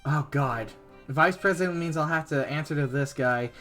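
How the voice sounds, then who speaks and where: A man's voice: a little high, normal speed, soft background music. A man streaming a dating game, chatting casually and goofily reading the game text aloud. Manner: goofy, animated, reads dialogue aloud.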